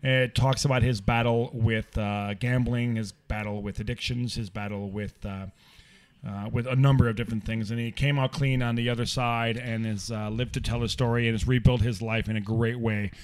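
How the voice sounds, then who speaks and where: A man hosting a casual podcast in a mid-pitched voice, loose and jokey. He swears freely and banters easily with his co-host. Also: fairly even intonation, normal speed, clear, resonant tone.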